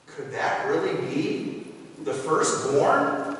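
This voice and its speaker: Preacher man storytelling slow in a church, really echoey, sounds far from the mic. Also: on the high side, lively intonation, slight background noise. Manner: dramatic storytelling. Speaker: pastor. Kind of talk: sermon storytelling. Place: church sanctuary.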